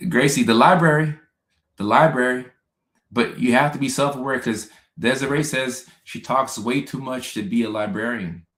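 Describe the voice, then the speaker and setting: A man's voice: medium pitch, a little slow, a bit bright. A young adult man hosting a casual livestream. He reads viewer comments, laughs often and repeats phrases. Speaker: host. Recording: roomy echo.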